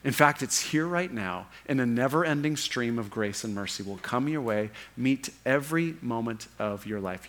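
A man preaching a sermon as pastor, earnest, often slowing down and dropping softer to press a point. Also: medium pitch, slight background noise. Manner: earnest, slows and softens for emphasis.

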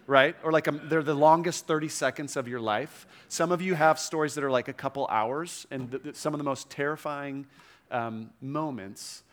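A man's voice: on the high side, moderate pace. A middle-aged man preaching a sermon to a room, conversational, with frequent asides and restarts. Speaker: pastor.

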